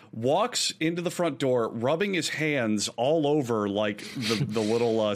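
A man co-hosting a podcast tells a long story in a casual, rambling way. His voice sits at an ordinary middle pitch. He talks loosely, with fillers and small laughs. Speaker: podcast co-host.

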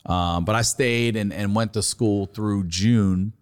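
A middle-aged man from Maryland, a comedian guest telling a profane, animated story in casual conversation. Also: on the low side, takes it slowly, smooth.

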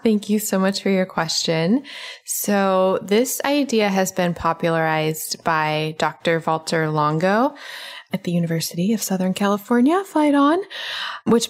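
A woman co-hosting a podcast, explaining things in a measured way with long, thoughtful sentences. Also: medium pitch. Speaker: podcast co-host. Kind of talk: casual podcast chat.

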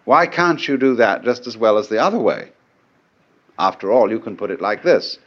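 A middle-aged man lectures on philosophy in a musing, conversational way, his pitch rising and falling freely as he tosses out rhetorical questions. The sound is dull and lo-fi, like an old archival lecture tape. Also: very animated, moderate pace.

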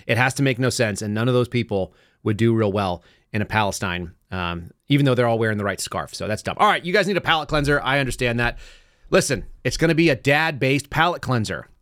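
A man hosting his podcast, talking fast and casually and laughing now and then at his own stories. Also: mid-range voice, animated, a bit bright, no room sound, studio quality. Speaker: podcast host. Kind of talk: casual talk show monologue. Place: studio.

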